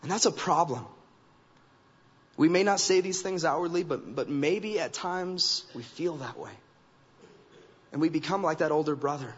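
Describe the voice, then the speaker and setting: Guest preacher, male, slightly high voice; emphatic, repeats phrases; dull recording in a sanctuary. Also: breathy edge. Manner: emphatic, acts out quoted remarks in character voices. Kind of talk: sermon. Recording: dull recording with long hall reverb.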